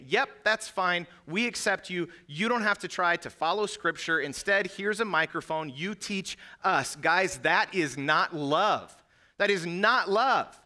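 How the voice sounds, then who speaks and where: A man preaching a sermon in a church, swinging between quiet, low stretches and loud, impassioned emphasis. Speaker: pastor. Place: church sanctuary.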